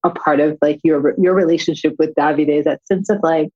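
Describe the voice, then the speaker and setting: A woman, an actress and author, talking as a guest in earnest storytelling with quick laughs. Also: sits low, steady tone, darkish tone, muffled recording. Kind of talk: casual conversation.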